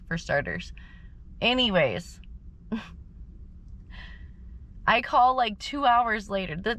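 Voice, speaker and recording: A woman vlogger telling a story in an animated, indignant and profane way while sitting in her parked car. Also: on the low side. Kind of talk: casual storytelling vlog. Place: in a parked car, then outdoors on location.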